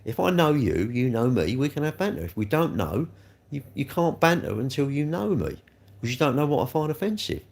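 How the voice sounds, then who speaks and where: Male livestreamer, rambling, talks straight to chat, gravelly with a very lively pitch. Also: fairly quick. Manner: rambling, repeats himself, talks straight to viewers. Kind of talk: live stream chat, reacting to viewer comments.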